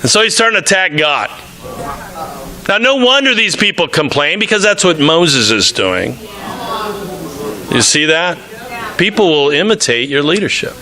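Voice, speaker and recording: High, bright-voiced male preacher. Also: moderate pace, pauses often. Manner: animated preaching, reads scripture aloud and acts out quotes. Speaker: pastor. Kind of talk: sermon.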